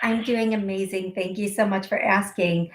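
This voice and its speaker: A woman's voice: mid-range voice, steady tone, normal speed, reverberant. A woman hosting a call-in psychic radio show, giving readings with repeated, direct warnings and bursts of giggling.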